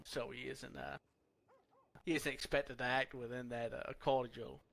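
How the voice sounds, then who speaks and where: A man roleplaying in character, casual and blunt, trying to calm others. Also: mid-range voice, measured pace, vocal fry.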